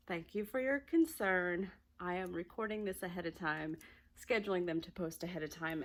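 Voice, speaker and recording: A woman vlogging about crafts in a chatty, excited way, a little out of breath. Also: mid-range voice. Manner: excited, chatty, laughs often. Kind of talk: casual chat to camera.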